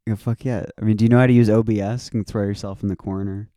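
A man with a low, mellow voice hosts a casual podcast. He swears freely and laughs a lot as he jokes around. The sound is dry and close. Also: fairly even intonation, fast talker, no echo. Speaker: podcast host. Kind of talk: casual chat.

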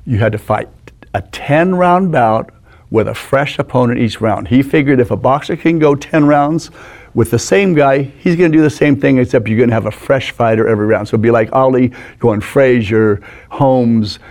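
Animated storytelling man in his sixties. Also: mid-range voice, moderate pace. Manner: animated raconteur, acts out the people in his stories. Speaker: guest. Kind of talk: anecdotal storytelling. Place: studio.

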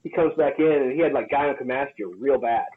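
A man's voice: medium pitch, fast, narrow, tinny audio, noisy background. A man co-hosting a podcast as a personal trainer, telling a story casually and profanely and acting out the quoted lines. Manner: profane, animated storyteller who acts out quotes.

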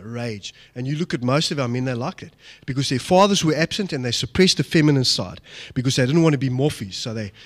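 A man's voice: medium pitch, fairly bright tone. A middle-aged man, giving an emphatic, personal talk to an audience and asking them questions. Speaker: speaker addressing an audience. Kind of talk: motivational talk on fatherhood.

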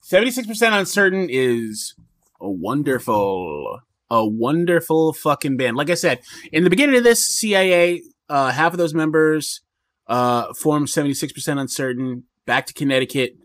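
A man's voice: a little high, sing-song, moderate pace, a bit bright, no echo. A man talking as a podcast guest in casual chat, rambling with many fillers and restarts.

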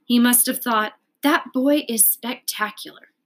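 A woman voicing a sad, kindly grown woman in a storybook read-aloud, speaking gently as if choked up. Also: fairly high pitch, unhurried, pitched above the performer's own voice. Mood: tender.

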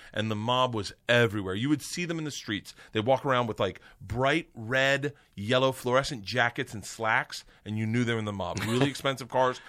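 A middle-aged man, a comedian guest, telling a long comic story in a loud, animated, profane way. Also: medium pitch.

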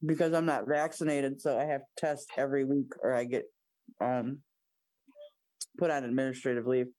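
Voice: mid-range voice, little pitch movement, normal speed, a little mellow, no echo, clean studio sound. An adult co-host talking frankly in casual chat, telling stories with quoted asides.

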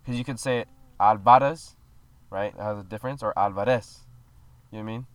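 A man's voice: fairly low pitch, very fast, dry recording. A man co-hosting a podcast, talking in a laid-back, casual way with lots of "like" and "bro.". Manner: laid-back, explains things with fillers like "like" and "bro". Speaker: podcast co-host. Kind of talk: casual chat.

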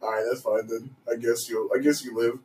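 A man's voice: medium pitch, brisk. Playful young man, distant roomy mic. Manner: joking, playful, animated. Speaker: podcast co-host. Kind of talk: loopy casual chat.

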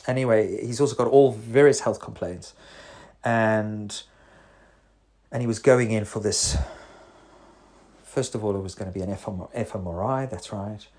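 Husky man rambling wryly. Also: lowish voice, normal speed, darkish tone. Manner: rambling, self-interrupting, wry. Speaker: psychotherapist. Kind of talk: casual voice note monologue.

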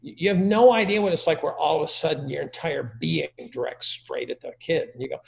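A man's voice: fairly high pitch, fast talker, gravelly, few pauses, darkish tone, muffled recording. A middle-aged man giving crude, joking parenting advice in a casual conversation.

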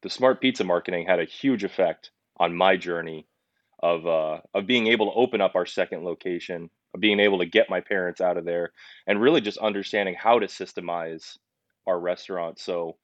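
A young man with a deep, low voice tells his story as a podcast guest. He sounds earnest and animated, stumbling and restarting as he goes. The recording is dry, a little dull and lo-fi. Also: fairly quick, dry recording. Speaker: podcast guest, pizzeria owner. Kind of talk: casual storytelling interview.

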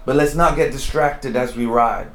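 A man's voice: medium pitch, moderate pace. A man giving a conversational, earnest devotional sermon and talking to his listeners with frequent asides. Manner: conversational, earnest, many asides like "you know". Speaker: preacher. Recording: roomy echo.

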